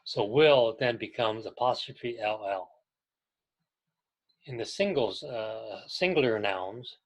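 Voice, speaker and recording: A man teaching an English grammar class to adult learners, explaining slowly and clearly and pausing so students can repeat after him. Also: lowish voice, lively intonation, poor audio. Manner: patient, deliberate, pauses for learners to repeat. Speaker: ESL teacher.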